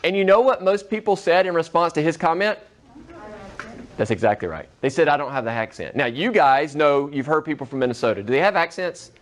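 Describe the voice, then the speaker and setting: Male teacher in a classroom with a slightly high voice. Casual lecturing style, keeps checking in with the class. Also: expressive, fairly quick. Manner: conversational, checks in with students often.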